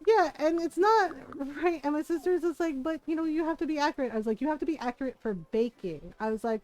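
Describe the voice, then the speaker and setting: A woman's voice: sits high, lively intonation, fast talker, hardly any pauses, a little mellow. A woman streaming a game, chatting casually and telling stories, acting out what her family said. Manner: chatty anecdotal storytelling, acts out family quotes. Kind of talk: casual live-stream chat while playing.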